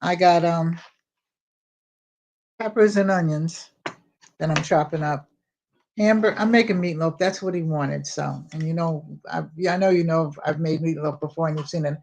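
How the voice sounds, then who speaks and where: A woman's voice: deep voice, normal speed, pauses often, a little mellow. An older woman chatting casually with live viewers in her home kitchen, rambling and greeting them by name. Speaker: home vlogger. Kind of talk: casual live-stream chat while cooking.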